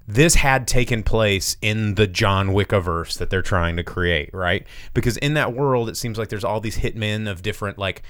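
A man hosting a casual movie review chat, telling plots with profanity and quick acted-out lines. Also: lowish voice, fairly bright tone, clear, resonant tone, no room sound, clean studio sound. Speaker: podcast host reviewing movies.

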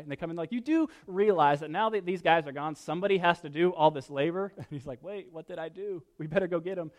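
Animated high-voiced male preacher. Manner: animated, rises loud when reading scripture, jokes asides. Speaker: pastor. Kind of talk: sermon.

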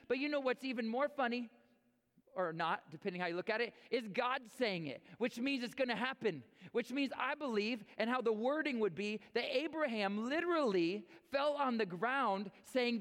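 A man preaching a sermon as pastor, reading scripture and then speaking with energetic repeats and stumbles. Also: very high voice, moderate pace, big-room sound. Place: church sanctuary.

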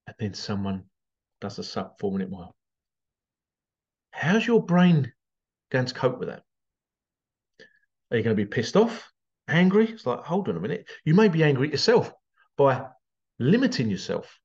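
Male vlogger, animated ranting monologue, medium voice, dull recording. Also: medium pitch, normal speed, pauses often. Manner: animated, repetitive, acts out quotes in exaggerated voices.

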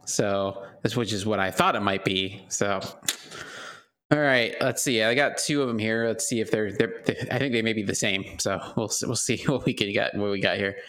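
A man's voice: fairly low pitch, moderate pace, a bit bright. A man co-hosting a casual podcast, often chuckling and stumbling over his words as he talks. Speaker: podcast co-host.

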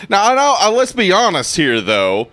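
A man's voice: high voice, huge pitch swings, moderate pace, fairly bright tone, no room sound, soft background music. A man co-hosting a podcast in casual, joking chat, laughing often and stumbling over restarts. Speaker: podcast co-host.

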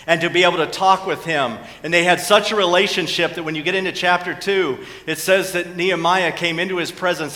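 A man's voice: fairly high pitch, pushed and bright. A man preaching a sermon as pastor of his church, earnest, telling stories and building to emphatic points. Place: church sanctuary. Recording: long reverb of a church hall.

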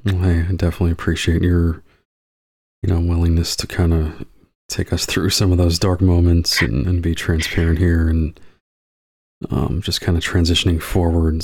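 A man with a very deep voice hosts a podcast interview. His questions come gently and measured, padded with fillers. The sound is dry and close, with no room echo. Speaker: podcast host. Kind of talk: interview conversation.

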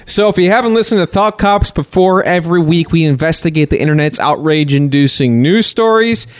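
A man's voice: on the high side, fairly quick, dry recording. A man co-hosting a podcast, joking around and introducing the week's segments. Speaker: podcast co-host. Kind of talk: casual podcast banter.

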